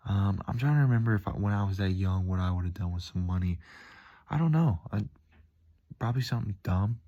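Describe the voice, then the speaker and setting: Laid-back deep-voiced man rambling casually. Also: expressive, fairly quick, mellow, highs cut off. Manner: laid-back, calls the listener dude and man, mimics angry voices in stories.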